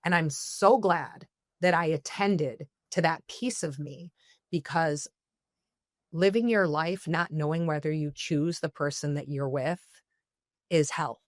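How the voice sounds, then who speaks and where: Low-voiced woman therapist type, earnest advice, keeps saying okay, dry sound. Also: measured pace, dry recording. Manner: earnest, coaching, checks in with "okay?". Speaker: guest therapist. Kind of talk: podcast conversation, giving advice.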